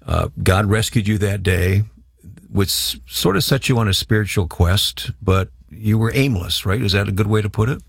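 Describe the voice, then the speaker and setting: A man hosting a faith interview, gently prompting his guest with encouraging questions. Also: on the low side, moderate pace, no echo, clean studio sound. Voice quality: gravelly and husky. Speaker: interviewer host.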